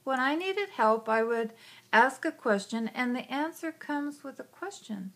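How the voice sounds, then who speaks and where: Woman storyteller, chatty and informal, gravelly creaky voice, slightly high. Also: animated, measured pace, fairly bright tone. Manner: chatty, frequent "you know", drops to a whisper for quotes. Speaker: psychic hypnotist telling a personal story. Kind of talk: conversational storytelling.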